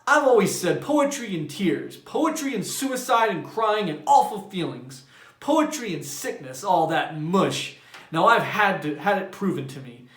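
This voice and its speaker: A man's voice: high-pitched, sing-song, measured pace, fairly bright tone, pitched above the performer's own voice, exaggerated voice. A man voicing a prim, self-righteous woman who scolds in a raised voice. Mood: indignant. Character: shrill indignant middle-aged woman, prim. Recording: roomy echo.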